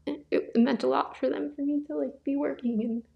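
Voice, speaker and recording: Soft-spoken young woman, gravelly and halting. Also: sits high, fairly even intonation, highs cut off. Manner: soft, halting, emotional, many pauses and fillers. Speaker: podcast host. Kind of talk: personal testimony, casual talk.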